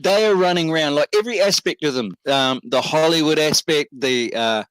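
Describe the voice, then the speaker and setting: A man's voice: fairly high pitch, a little fast, fairly bright tone, clean tone, dry recording, rough recording. A man co-hosting a casual talk show, laid-back and reassuring, with lots of ums and uhs.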